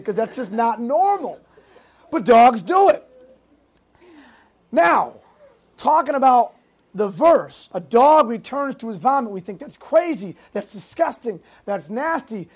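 A youth pastor from Massachusetts preaches a sermon to a youth group. The voice sits at a mid pitch. The delivery is animated storytelling, full of fillers and quick self-interrupting asides. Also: slightly rough. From Massachusetts, United States.

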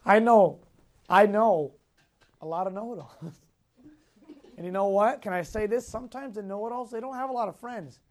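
A man's voice: sits high, normal speed, pauses often, a little mellow. A man teaching a Sunday school lesson to a class, repeating key points, asking questions and chuckling often as he tells personal stories. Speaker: youth Bible teacher.

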